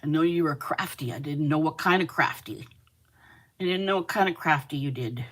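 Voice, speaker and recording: A woman's voice: low-pitched, moderate pace, a bit bright. A woman hosting a casual crochet livestream, chatting with viewers as she works and counting stitches aloud. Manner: chatty, responds to viewer comments.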